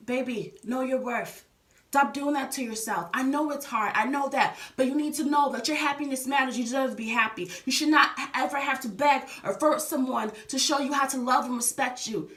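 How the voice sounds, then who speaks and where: In a casual vlog, a young woman offers earnest, heartfelt relationship advice, repeating herself and speaking straight to the viewer, whom she calls "baby." Her voice sits high and is fairly bright, at a moderate pace, recorded from a distance in an echoey room.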